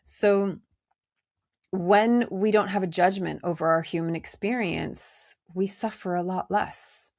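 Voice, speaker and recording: A woman hosting a podcast, speaking in a gentle, conversational way with many fillers as she reflects on inner life. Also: medium pitch, fairly even intonation, slow, dry recording, studio quality. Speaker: podcast host. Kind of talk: reflective spiritual talk.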